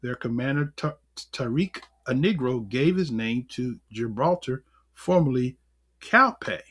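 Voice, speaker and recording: A man's voice: mid-range voice, a little slow, breathy edge. A man in the role of elder teaching a livestreamed class on scripture and history, speaking, full of rhetorical questions and chuckles. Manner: animated, rhetorical questions, chuckles, fumbles with notes. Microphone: computer mic on a livestream.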